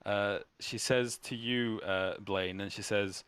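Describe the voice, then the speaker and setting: A man narrating a tabletop game as game master, halting and often restarting. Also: on the low side, fairly even intonation, a bit bright, clear, resonant tone, no room sound.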